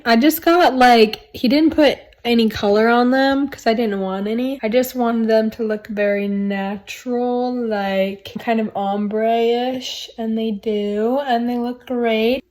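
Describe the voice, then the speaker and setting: A woman's voice: a little high, measured pace, few pauses, a little mellow, poor audio. A young woman in her twenties chatting casually in a reading vlog, rambling with lots of fillers. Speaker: book vlogger. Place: in her car.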